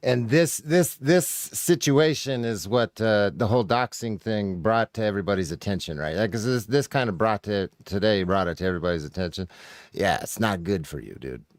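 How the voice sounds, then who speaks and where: A man's voice: lowish voice, expressive, moderate pace, no echo, studio quality. A man streaming a profane, blunt reaction commentary, mocking what he hears and swearing freely. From United States.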